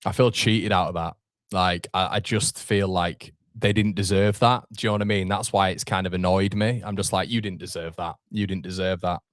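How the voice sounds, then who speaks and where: A man's voice: sits low, fairly even intonation, moderate pace, dry recording, clean studio sound. Frustrated man doing live fan commentary. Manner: frustrated, swearing, talks to chat. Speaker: fan watchalong host.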